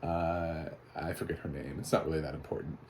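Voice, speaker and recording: A man's voice: extremely low pitch, steady tone, brisk, darkish tone, a little hiss or hum. A man giving a casual, chatty spoken movie review, often laughing. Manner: chatty, laughing, mock voices for quotes.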